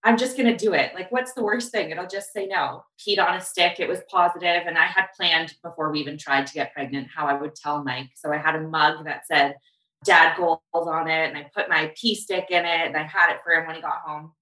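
A woman guest on a podcast telling her story in a chatty, animated way. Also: sits low, brisk, roomy sound, distant mic, low-quality recording. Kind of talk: casual podcast chat.

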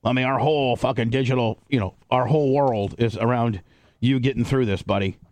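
A man hosting a radio show in rowdy studio banter, loud, coaxing and swearing a lot. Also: medium pitch, fairly quick, dry recording.

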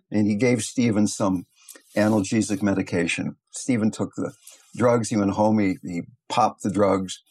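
An older man, a meditation teacher, giving a gentle, thoughtful talk and telling stories along the way. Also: on the low side, steady tone, moderate pace, husky. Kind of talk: reflective talk with storytelling.

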